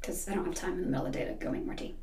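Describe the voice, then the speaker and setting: A woman who teaches second grade, telling stories in a quick, animated way during a casual interview. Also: slight background noise.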